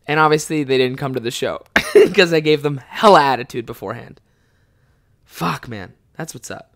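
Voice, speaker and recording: Twenty-something guy rambling solo on his podcast, swears a ton, goes quiet then suddenly loud. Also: a little high, very animated, normal speed. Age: 20s. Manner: profane, ranting, swings between mumbling and loud outbursts. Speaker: podcast host and stand-up comic. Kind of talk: casual solo podcast chat.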